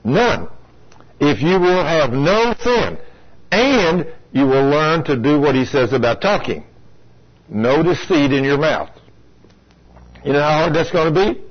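A man's voice: fairly high pitch, big pitch swings, unhurried, long pauses. A man preaching a sermon in a folksy, direct way, speaking to his congregation and acting out complainers. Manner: folksy, talks straight to the congregation, acts out complainers. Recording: lo-fi radio broadcast.

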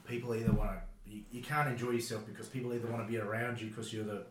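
A man's voice: on the low side, steady tone. A man hosting a podcast and chatting frankly about security work, with swearing. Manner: fast, frank, profane. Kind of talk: casual chat. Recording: roomy echo with faint hum.

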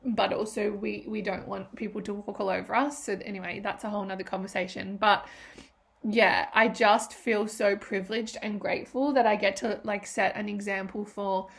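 A woman's voice: medium pitch, fairly even intonation, moderate pace, gravelly. Emotional woman podcasting. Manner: emotional, rambling, swears freely. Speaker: podcast host. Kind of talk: casual solo podcast talk.

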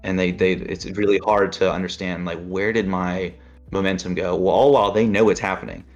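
A man's voice: deep voice, fairly even intonation, fairly quick. A man chatting casually, rambling and acting out inner voices as he explains. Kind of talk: casual chat. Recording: dull lo-fi sound with faint music.

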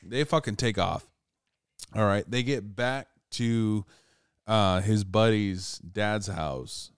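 A man's voice: on the low side, slow pace, clean tone, no echo, clean studio sound. A man casually telling an urban legend story, rambling and swearing often, with laughs between lines.

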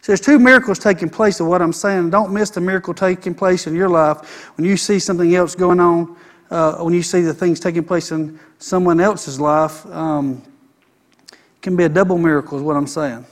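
A man delivers a sermon from the pulpit, his voice sitting notably high for a man. He is emphatic, stacking phrase on repeated phrase to press each point home. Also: fairly even intonation, moderate pace. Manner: emphatic preacher, repeating phrases in building runs. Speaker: pastor.

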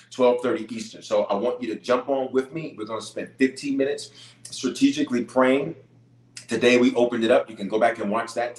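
Man, bishop, live prayer stream, viewer Q&A, energetic, emphatic, repeats himself, average pitch, reverberant room. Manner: energetic, greets viewers by place, emphatic repetition. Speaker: bishop leading online prayer. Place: room at home base near Denver.

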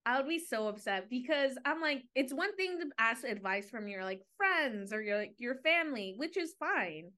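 High voiced woman cohost, chatty, says like a lot, casual podcast talk. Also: lively intonation, moderate pace, few pauses, sharp tone. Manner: chatty, many "like" fillers. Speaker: podcast co-host.

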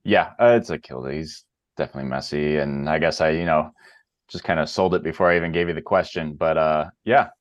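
A man's voice: very deep voice, steady tone, fairly quick, no echo, lo-fi sound. A man co-hosting a podcast in casual chat, hesitant and full of fillers. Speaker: podcast co-host.

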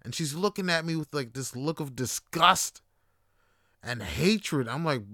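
A man's voice: fairly high pitch, a little slow, no echo, studio quality. A young man hosting a podcast, telling a funny personal story in a casual, profane, slang-heavy way. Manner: animated, profane, slangy, lots of fillers. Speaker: podcast host.

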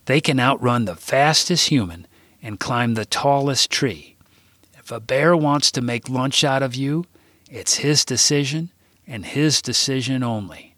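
A man voicing a stern old grandfather who lectures slowly and gravely in a storybook reading. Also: mid-range voice, fairly bright tone, no echo, clean studio sound, voice pushed up, close to an everyday voice. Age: older. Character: stern old grandfather warning about bears.

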